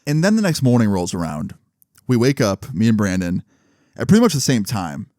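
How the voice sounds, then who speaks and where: A man telling a story in a casual storytime vlog, animated and full of swearing and fillers. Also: on the low side, a little fast, dry recording, clean studio sound.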